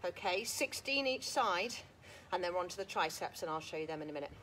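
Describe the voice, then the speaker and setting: A woman's voice: on the low side, animated, fairly quick, a bit bright, slight background noise. A woman leading a live workout class, counting reps, cueing moves and encouraging everyone while a bit out of breath. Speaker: fitness instructor. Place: outdoors.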